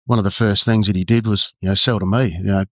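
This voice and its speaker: Australian man, deep voice, halting candid storytelling, dry close sound, dull lo-fi audio. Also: fairly even intonation, dry recording. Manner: halting, full of "you know" and restarts. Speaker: guest, former undercover detective.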